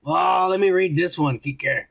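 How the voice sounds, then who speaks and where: A man's voice: high voice, unhurried, gravelly, fairly bright tone. A man co-hosting a podcast, chatting casually, swearing often and reading viewer comments aloud. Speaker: podcast co-host. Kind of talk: casual drunk podcast banter.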